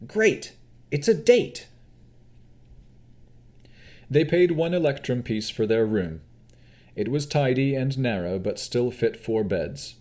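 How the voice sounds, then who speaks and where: Expressive male audiobook narrator. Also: mid-range voice, measured pace. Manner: expressive storytelling. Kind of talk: scripted narration.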